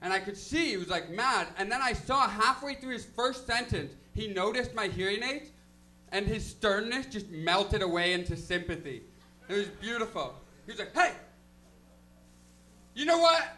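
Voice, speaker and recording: A man's voice: sits high, normal speed, sharp tone. A young man doing a stand-up comedy set in a loose, self-deprecating way, full of fillers. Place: comedy lounge stage.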